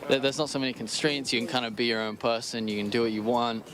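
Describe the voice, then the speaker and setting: A man's voice: mid-range voice, fairly even intonation, fast talker, a bit bright. A man interviewed on the street who rambles and keeps hedging himself as he talks. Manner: rambling, hedges with "I don't know". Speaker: passer-by being interviewed.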